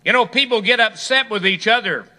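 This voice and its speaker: Male preacher, sermon; bright, piercing tone, emphatic storytelling. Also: high voice, fairly quick.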